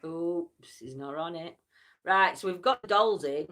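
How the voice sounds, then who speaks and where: A woman's voice: fairly low pitch, big pitch swings, measured pace, vocal fry, a bit bright. Tired, chatty woman. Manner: chatty, laughs often, teasing. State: tired, yawning. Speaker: livestream host. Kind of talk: casual live chat.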